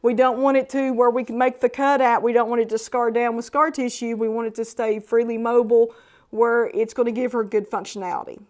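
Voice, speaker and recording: A woman caring for rescued horses, calmly explaining a foal's treatment in a plain, practical way. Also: a little high, a little fast. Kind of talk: explaining horse care on camera.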